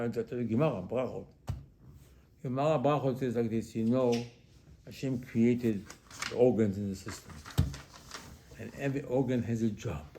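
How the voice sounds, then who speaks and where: A man preaches a sermon as a rabbi, posing rhetorical questions and repeating them while weaving Hebrew religious terms into his English. His medium-pitched voice swings in loudness from hushed asides to emphatic lines, with slight background noise.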